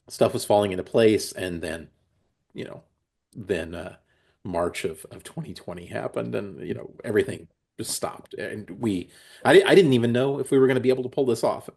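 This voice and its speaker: A man's voice: on the low side, a little mellow. A man in his forties, a comics creator, talking casually and rambling through restarts as an interview guest. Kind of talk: casual conversation.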